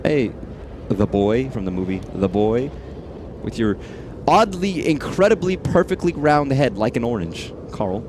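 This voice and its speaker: A man's voice: medium pitch, very animated, measured pace, background noise. A man streaming a horror game, rambling and swearing freely as he talks to the things on screen. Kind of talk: casual live-stream commentary.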